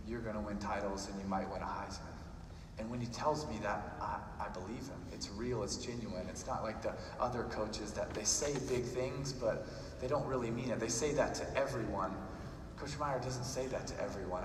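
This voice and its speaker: A man, giving a motivational speech and telling a story that builds to emphatic repetition. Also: on the low side. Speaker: guest speaker. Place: large arena. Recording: roomy arena echo, distant mic, noisy.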